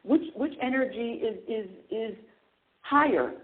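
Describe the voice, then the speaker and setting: A woman hosting a spiritual talk radio show, speaking in an animated way. She asks herself questions, answers them, and chuckles often. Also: on the high side, a little slow. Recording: narrow phone-like line.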